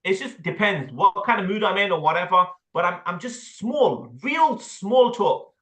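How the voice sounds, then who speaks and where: A man with an English accent coaching a sales team, blunt and animated, with casual slang and the odd swear word. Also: high-pitched, normal speed, few pauses, roomy sound. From England. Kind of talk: sales training talk with role-play.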